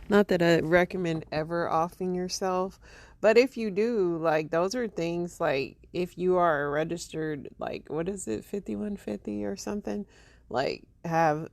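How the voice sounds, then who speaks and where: A woman host talking casually about the clips she plays, full of "like" and "um". Her voice sits on the low side, and the recording is dry and close. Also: a little mellow, no echo. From United States. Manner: chatty, hesitant, lots of "like" and "um". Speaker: podcast host reacting to clips. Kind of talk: casual reaction commentary.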